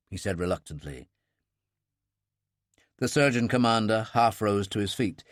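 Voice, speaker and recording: A man giving scripted audiobook narration in a calm, understated manner. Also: on the low side, a little slow, pauses often, no room sound, studio quality.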